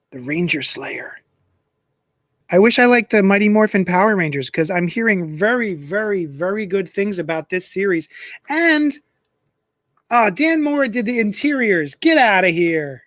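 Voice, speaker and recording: Chatty high-voiced man unboxing comics. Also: moderate pace, dry recording, clean studio sound. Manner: chatty, animated, self-mocking asides. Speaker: comic shop host. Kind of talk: live-streamed comic unboxing. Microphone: desk microphone.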